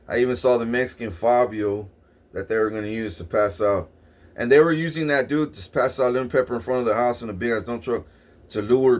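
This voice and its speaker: A man vlogging a long rambling story in the first person, swearing often and restarting his sentences. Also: mid-range voice. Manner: profane, repetitive restarts, excitable.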